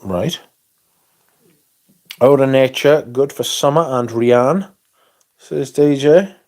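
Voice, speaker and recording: A man's voice: medium pitch, takes it slowly, darkish tone. A man hosting a casual livestream, reading out viewer comments in a laid-back, rambling way and swearing now and then. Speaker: livestream host.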